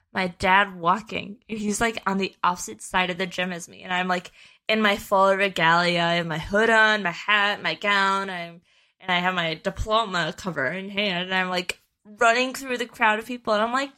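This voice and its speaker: A woman's voice: medium pitch, moderate pace, pushed and bright. Rambling young woman telling a story. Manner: rambling storytelling with many fillers. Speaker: podcast co-host. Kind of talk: casual chat.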